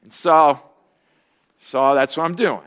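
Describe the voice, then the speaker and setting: A man's voice: fairly even intonation, takes it slowly, clean tone. A man in his fifties preaching a sermon, telling personal stories with humor and acting out the lines of each person in them. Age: 50s. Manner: storytelling with humor, voice jumping high and loud in quoted lines. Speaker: pastor.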